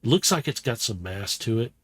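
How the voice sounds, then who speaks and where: A man narrating a tabletop role-playing game as game master, in slow, halting description with many fillers. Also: medium pitch, big pitch swings, slightly rough.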